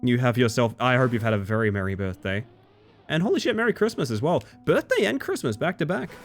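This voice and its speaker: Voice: mid-range voice, big pitch swings, quick pace, faint music behind. A streamer chatting casually and telling a rambling personal story to their live viewers, with lots of fillers.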